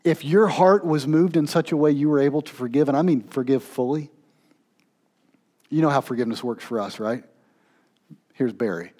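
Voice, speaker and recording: A man preaching a sermon as pastor, swinging between raised, pleading intensity and hushed, low-voiced emphasis. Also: moderate pace, pauses often.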